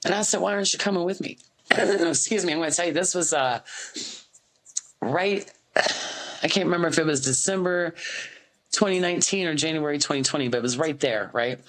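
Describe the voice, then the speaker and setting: A woman's voice: low-pitched, fairly quick, long pauses, poor audio. A woman in her forties from the United States, a podcast guest and activist, talking candidly and earnestly in an interview, full of fillers and restarts, speaking from an office. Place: an office, indoors.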